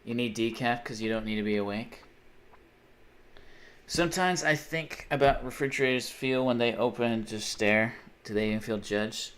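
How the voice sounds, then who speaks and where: A man's voice: medium pitch, normal speed, fairly bright tone. A young man live-streaming a game, chatting casually and reading viewer messages aloud, rambling and swearing often. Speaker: livestreamer.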